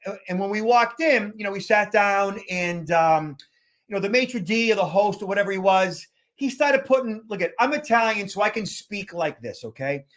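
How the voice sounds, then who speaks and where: A man from the Boston area with a fairly high voice tells stories in a loose, rambling way. He keeps stopping to restart with "uh" and "you know" as he chats with his co-host. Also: lively intonation, normal speed, a bit bright. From Boston area, United States. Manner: rambling anecdotal storyteller with many fillers and restarts. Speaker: podcast co-host, security expert. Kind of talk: casual chat.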